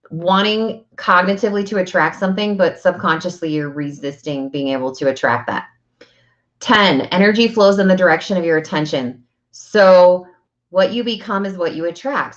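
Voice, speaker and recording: A woman with a fairly low voice talks straight to her listeners about energy healing. Her manner is earnest and direct, and she keeps answering her own rhetorical questions. The audio is dull and lo-fi. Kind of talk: casual spiritual talk to camera.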